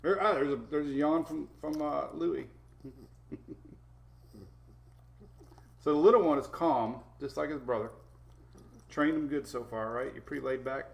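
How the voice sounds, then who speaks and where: A man's voice: a little high, measured pace, creaky, pauses often. A man hosting a casual weather live stream from home, rambling as he reads out viewer names and talks to his puppies. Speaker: weather show host.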